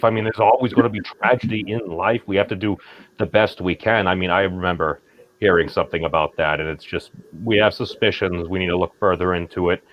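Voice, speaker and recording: A man's voice: on the low side, muffled recording. A man from Massachusetts, chatting casually on a group stream, rambling with many fillers and restarts.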